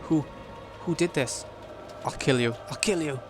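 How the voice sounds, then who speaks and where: A man's voice: on the high side, unhurried, over music, lightly acted. A man reading a visual novel aloud, voicing a young man broken by grief who cries out in a raw, shaken voice. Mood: anguished.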